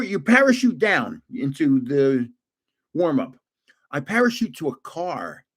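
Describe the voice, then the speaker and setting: A man in his seventies casually telling gaming stories on a livestream, laughing often as he goes. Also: on the high side. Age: 70s. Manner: animated, laughs often, restarts. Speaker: livestream host. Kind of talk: casual storytelling.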